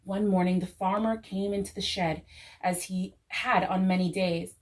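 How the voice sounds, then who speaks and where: A woman reading a children's story aloud in church, gentle and expressive, returning to a soothing refrain. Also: medium pitch, moderate pace, rough recording.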